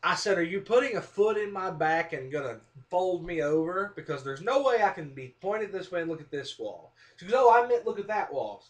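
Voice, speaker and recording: A man's voice: sits high, brisk, few pauses. A man telling a comic personal story to the camera, self-mocking and acting out what people said. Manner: animated, self-mocking, acts out quotes. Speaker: vlogger. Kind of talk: casual storytelling monologue.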